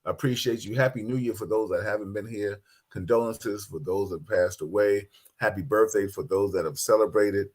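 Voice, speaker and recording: Animated man hosting a talk show. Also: on the low side, normal speed. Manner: animated storytelling, acts out quotes. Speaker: host. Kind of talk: casual podcast chat.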